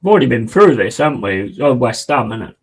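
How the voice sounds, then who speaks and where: Chatty football fan streaming. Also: male voice, mid-range voice, fast, slightly rough, low-quality recording. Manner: chatty, excitable, slangy. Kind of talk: live match watch-along chat.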